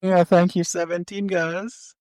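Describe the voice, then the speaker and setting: A man's voice: high-pitched, flat delivery, measured pace, a little mellow, clear, resonant tone, no echo. A young man co-hosting a casual podcast, joking and provocative in slangy speech. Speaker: podcast co-host.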